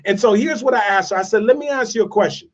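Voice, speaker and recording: A man's voice: high voice, fast talker. A man giving a motivational speech, telling a story with emphatic repetition. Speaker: motivational speaker. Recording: distant, dull lo-fi sound.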